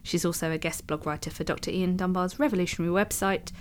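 A woman's voice: on the low side, steady tone, fast. A woman co-hosting a podcast, chatting casually and reading an introduction aloud in a careful, slightly posh reading voice with frequent ums. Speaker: podcast co-host. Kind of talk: casual chat and read-out introduction.

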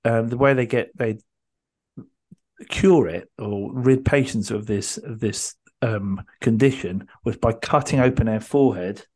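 On a podcast, a man tells a rambling story full of ums and restarts, in the manner of casual chat. His voice sits at medium pitch, a little slow and a little mellow.

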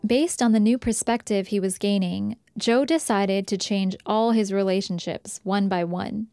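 A woman reading scripted documentary narration in a measured, even way. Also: mid-range voice, clear, resonant tone.

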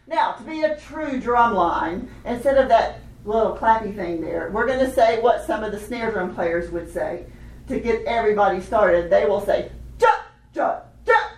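A woman leading a hands-on children's music workshop, animated and laughing often as she teaches chanted rhythms. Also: mid-range voice, normal speed. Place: workshop room with participants. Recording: echoey room, voice from a distance.

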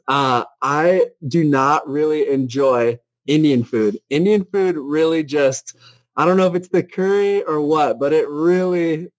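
A chatty, upbeat man reading listener questions for a casual chat show. His voice sits a little high for a man, and the recording is close and dry. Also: no echo, poor audio. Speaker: podcast co-host.

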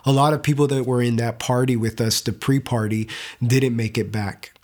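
A young man giving an earnest, emotional personal faith testimony, halting at times and repeating words. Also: mid-range voice, fairly even intonation. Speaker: testimony speaker.

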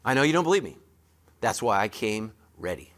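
A man's voice: lowish voice, very animated, brisk, fairly bright tone. A man preaching a sermon as pastor, speaking straight to his congregation with emphatic, joking asides.

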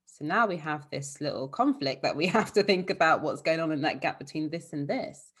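A woman's voice: low voice, brisk, husky. A woman therapist for eating disorders, talking in a casual, explanatory way in an interview. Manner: warm, explanatory, fillers like "like" and "you know".

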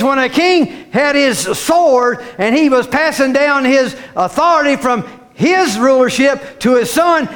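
A man preaching a fervent sermon, repeating phrases and rising to shouts. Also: very high-pitched.

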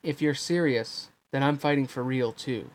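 A bright-eyed teenage boy hero from a storybook reading, earnest and quick to cry out in protest, his voice pushed up a little higher than the reader's own, as a man puts him on. He pleads more than he argues. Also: close to an everyday voice.

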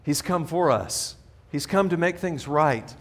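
A middle-aged male pastor delivers a sermon with a slightly raised pitch, talking to his congregation in an earnest, conversational way. He often restarts his sentences and circles back to his point, the way a preacher does when speaking without a script. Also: animated, measured pace. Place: church sanctuary.

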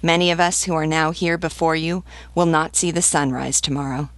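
A woman's voice: low voice, fairly even intonation, fairly quick, no room sound. A woman reading as a grave, pleading revolutionary priest. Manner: solemn, earnest pleading.

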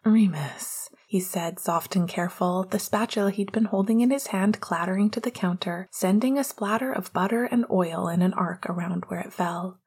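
A woman narrating a romantic story in a soft, hushed, gentle reading. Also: mid-range voice, moderate pace, hardly any pauses, husky. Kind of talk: audiobook reading of fan fiction.

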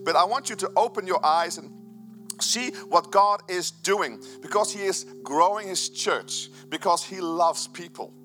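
A man's voice: high voice, animated, measured pace, sharp tone, soft background music. A man preaching a sermon to his church, enthusiastic and rambling, with frequent restarts. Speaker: pastor.

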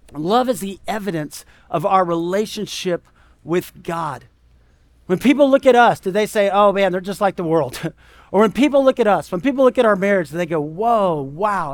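High-voiced man preaching a sermon. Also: no room sound. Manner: conversational, emphatic preaching with rhetorical questions. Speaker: pastor.

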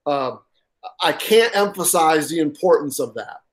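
A man's voice: on the high side, expressive, a little slow. A man preaching a sermon, reading from a workbook and stressing his points with repeated words and restarts. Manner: reads aloud from a workbook. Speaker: pastor.

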